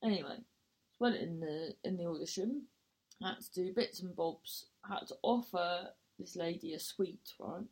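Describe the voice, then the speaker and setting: A woman's voice: on the low side, unhurried, a little mellow, husky. A woman, a comedian and actor, telling a rambling story with self-mocking asides and casual swearing.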